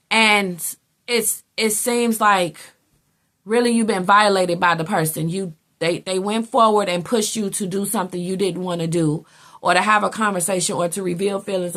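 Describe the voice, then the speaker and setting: A woman's voice: medium pitch, fairly bright tone. A woman giving a casual tarot reading, blunt and chatty, who swears freely and acts out what other people say. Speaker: tarot reader.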